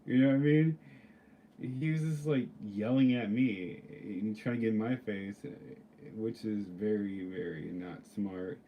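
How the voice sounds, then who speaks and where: A man's voice: on the low side, unhurried, muffled recording, a little hiss or hum. A man ranting casually to camera, rambling and swearing, with lots of filler words. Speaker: vlogger. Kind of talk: casual storytelling rant.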